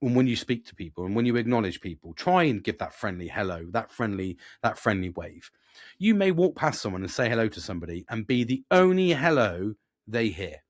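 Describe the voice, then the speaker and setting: A man's voice: on the low side, very animated, brisk, dry recording, studio quality. A British man in his forties, hosting a podcast as a reflective monologue. He talks earnestly, swears freely and rambles with many restarts. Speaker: podcast host.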